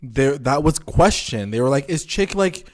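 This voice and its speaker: A man's voice: mid-range voice, lively intonation, normal speed. Guy cohost recapping an episode, slangy, kinda exasperated. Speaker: podcast co-host. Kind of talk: casual recap chat.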